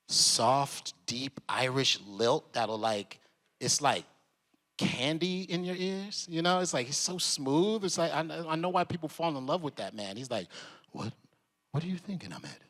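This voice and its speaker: A man, an actor, telling a casual, animated story on a convention panel and acting out other people's voices as he goes. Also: a little high, measured pace. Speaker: actor guest.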